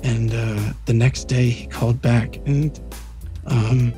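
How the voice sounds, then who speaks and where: A man co-hosting a podcast, telling a rambling, animated workplace story in casual chat. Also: medium pitch, slow, soft background music. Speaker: podcast co-host.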